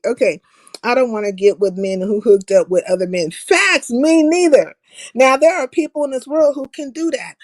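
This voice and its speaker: Woman streamer, slightly high voice, blunt and profane, keeps breaking into laughter while she talks. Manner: blunt, profane, laughs at her own jokes. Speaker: live stream host. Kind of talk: casual opinionated monologue.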